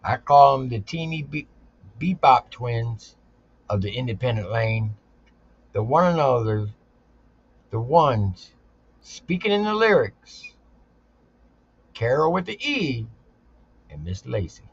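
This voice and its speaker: A man's voice: mid-range voice, expressive, takes it slowly, pauses often, breathy edge, dull audio. A man hosting a live stream in casual talk, with hype greetings and laid-back slang.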